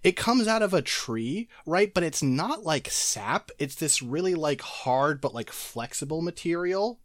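A game master describes scenes in a loose, rambling way, filling gaps with "like" and small laughs. The pitch moves a lot, and the sound is dry and close, with no room echo. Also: expressive, a little slow. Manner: rambling, lots of fillers, giggly. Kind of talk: narrating a tabletop game.

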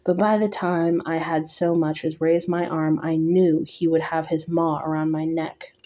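Slow, low-voiced woman reading a novel. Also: little pitch movement, dark tone. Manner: measured, slightly halting reading. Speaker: audiobook reader. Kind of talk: first-person novel reading.

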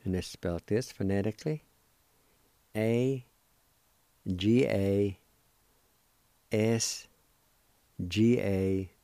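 Man, Cherokee accent, radio language teacher; low mellow voice, very slow and deliberate, dry close sound. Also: no room sound. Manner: slow, deliberate, drawn-out syllables. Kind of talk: spelling and pronouncing words.

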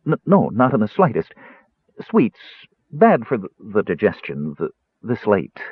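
A man's voice: on the low side, huge pitch swings, measured pace, breathy edge, no echo, heavily acted. A man voicing a nervous, meek cleric who stammers, on a tinny, dry recording. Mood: flustered. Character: nervous, meek middle-aged human cleric.

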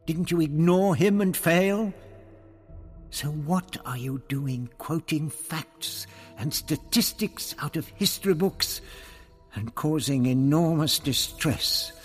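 A man's voice: on the high side, expressive, a little slow, soft background music, pitched above the performer's own voice. A man reading an audiobook, voicing an earnest young woman teacher in a raised voice with an urgent, pleading manner. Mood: self-reproach.

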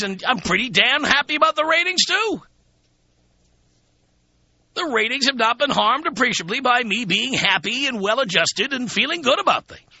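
A man's voice: very high voice, bright, forceful tone, slightly rough, no room sound, muffled recording. A man hosting a radio talk show, talking to listeners in a sardonic, profane, self-mocking monologue from a studio. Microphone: studio microphone.

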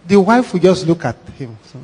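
A Nigerian man, a pastor, preaching a sermon with animated, repetitive, dramatic storytelling. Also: sits high. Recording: echoey hall reverb.

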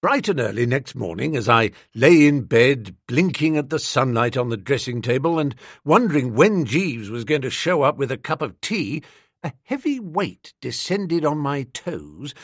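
A man reading a comic novel aloud as narrator, telling it with lively, wry, dry humor. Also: mid-range voice, measured pace, breathy edge, no echo. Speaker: audiobook narrator.

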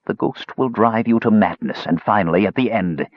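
A man voicing a frail young male mage who talks in a soft, whispering, cool way. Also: lowish voice, moderate pace, no room sound, muffled recording, natural voice. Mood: menacing.

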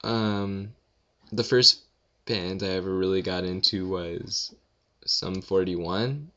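A young man rambling through listener questions in a casual audio Q&A, with deadpan self-deprecating jokes. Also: low voice, slow, lo-fi sound. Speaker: vlogger answering questions.

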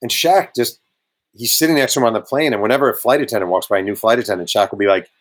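A man's voice: lowish voice, quick pace. A man spinning locker-room anecdotes as a guest on an audio talk show. He talks casually and animates the stories by jumping into the voices of the people in them. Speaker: guest author. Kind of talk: casual storytelling interview.

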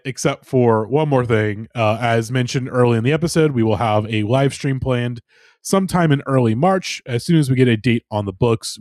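Lively, animated man co-hosting a podcast. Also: medium pitch, no room sound, studio quality. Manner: animated, laughs often, frequent restarts. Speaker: podcast co-host. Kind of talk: casual chat.

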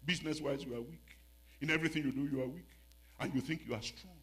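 Speaking fast in a husky voice that sits on the high side, a man with a West African accent preaches in church. His sermon is dramatic and mocking, falling to a hush and then rising to a shout.

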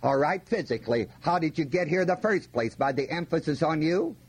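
A man's slightly high, animated voice moves a little fast as he delivers a folksy Bible-teaching sermon. He keeps asking his listeners questions and presses hard on key words.

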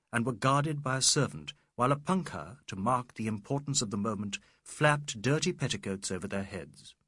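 A man reading a novel aloud as narrator, expressive and measured. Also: mid-range voice, slightly rough, no room sound, studio quality. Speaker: audiobook narrator. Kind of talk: scripted narration.

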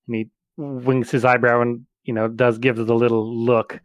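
A man playing a tabletop role-playing game who describes his actions haltingly with many fillers. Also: mid-range voice, flat delivery, no room sound, muffled recording. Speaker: player.

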